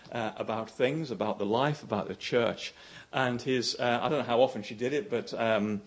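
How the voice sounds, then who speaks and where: A male preacher at mid pitch delivers a sermon in a lively storytelling way. His voice climbs for the quoted speech and drops low to press each point home. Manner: animated storytelling, voice rising for quoted lines and dropping low for emphasis.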